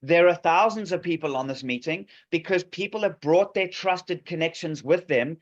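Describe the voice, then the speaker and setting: On a video call, a man with a slightly high voice demos an app at normal speed, sounding eager and salesy, full of fillers and restarts. His video call microphone gives a dull, lo-fi sound.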